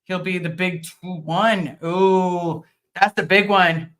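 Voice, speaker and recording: A middle-aged woman chats casually on her livestream, reading viewer comments aloud and answering them one by one. Her tone is bright and clear, earnest and thankful, with plenty of ums and small restarts. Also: on the low side, steady tone, takes it slowly. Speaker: livestream host.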